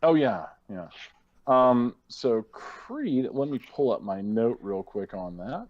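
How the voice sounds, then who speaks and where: A man running an online tabletop game as game master, relaxed and full of fillers. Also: medium pitch, slow, no room sound, muffled recording.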